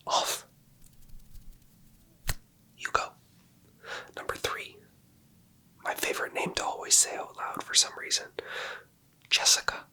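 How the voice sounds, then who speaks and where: A man doing an ASMR video, speaking in a slow, soft, playful whisper. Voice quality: breathy. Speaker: ASMR creator.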